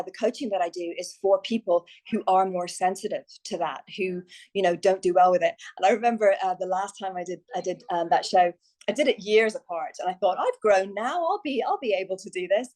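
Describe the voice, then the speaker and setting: A woman's voice: mid-range voice, darkish tone, poor audio. A woman guest on a podcast, a success coach talking candidly and telling stories in a chatty way. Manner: chatty, candid storytelling with quoted asides. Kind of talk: podcast interview.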